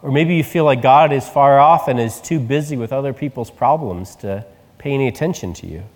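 A male pastor delivering a sermon in a conversational, animated storytelling manner. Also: medium pitch, big-room sound. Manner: conversational preaching, animated retelling.

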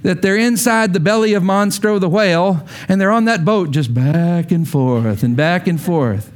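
A male pastor preaching a sermon, telling stories with animated voices for the people in them. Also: sits high, moderate pace. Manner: animated storytelling with acted quotes.

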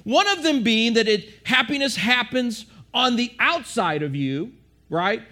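Male preacher, high voice, questions the congregation, restarts a lot. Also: expressive, unhurried, pushed and bright. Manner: questioning the audience, repetitive restarts. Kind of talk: sermon.

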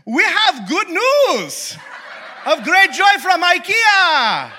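A man doing a group of chirpy clone angels in a very high, drawn-out, sing-song voice. They sound loud, slow and giddy, and a little far from the mic. The cheer is overdone for comic effect. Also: wildly swooping pitch, slight background noise, exaggerated voice. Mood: cheery. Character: chipper clone-like angels, bright and over-cheerful.

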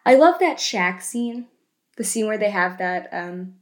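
A woman co-hosting a casual podcast, retelling film scenes in an animated way and tagging lots of questions. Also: medium pitch, measured pace. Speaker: podcast co-host.

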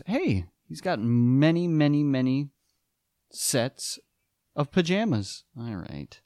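A man's voice: on the high side, big pitch swings, slow, mellow, no echo, clean studio sound. A man riffing on a movie with sarcastic, wisecracking asides. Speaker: movie riffer. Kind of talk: riffing commentary over a movie.

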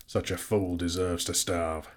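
A man's voice: low-pitched, level tone, a little slow. A man voicing a grim, suspicious human leader who speaks bluntly and sternly.

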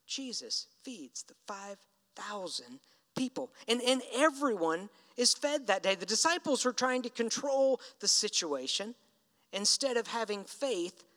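A man's voice: sits high, fairly bright tone. A man preaching a sermon in a conversational storytelling way, acting out the lines he quotes. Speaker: pastor. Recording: reverberant hall.

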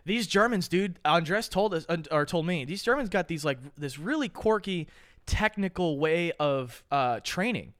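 A man's voice: on the high side, lively intonation, normal speed, fairly bright tone. A young man hosting a podcast, chatting casually with loose, profane, joking banter. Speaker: podcast host. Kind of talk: casual reaction chat.

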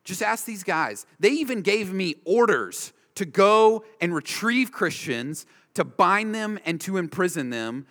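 Emphatic preacher in an echoing hall. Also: male voice, high voice, big pitch swings, a little slow, hardly any pauses, a bit bright. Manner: emphatic, driving home points with repeated short phrases. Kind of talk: expository sermon. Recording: long reverb of a large hall.

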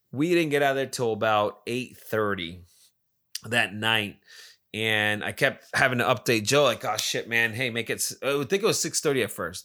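A man's voice: mid-range voice, sharp tone. A man in his forties telling a rambling personal story in casual talk, swearing freely as he goes. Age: 40s.

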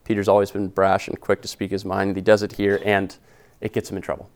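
A man's voice: deep voice, monotone, fast. A man preaching an expository sermon as pastor, earnest and conversational, retelling scripture in casual everyday words. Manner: earnest and conversational, with slangy paraphrase.

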